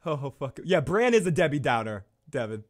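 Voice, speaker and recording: A male host gives casual reaction commentary on a show preview, swearing freely and laughing at his own jokes. His voice sits a little higher than most men's. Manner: profane, jokey, laughs often.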